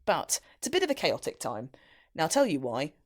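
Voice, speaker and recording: Playful, lively-voiced woman podcast co-host. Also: deep voice, fairly quick. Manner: playful, giggly, teasing. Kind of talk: casual podcast chat.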